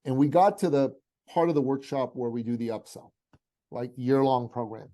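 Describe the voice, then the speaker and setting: A middle-aged man from Iran, a podcast guest and business coach, telling a story in an animated, heartfelt way with casual asides. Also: medium pitch, normal speed.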